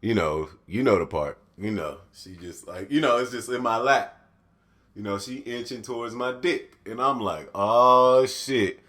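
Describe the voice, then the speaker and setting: A man's voice: fairly low pitch, moderate pace, fairly bright tone. A man hosting his own podcast, telling a story in a casual, profane, laughing way. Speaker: podcast host.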